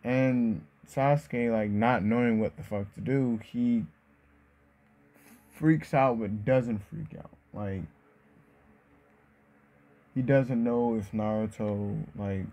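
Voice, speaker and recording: A man's voice: lowish voice, slow pace, dark tone. A man casually retelling a fan story, rambling with many fillers and swear words.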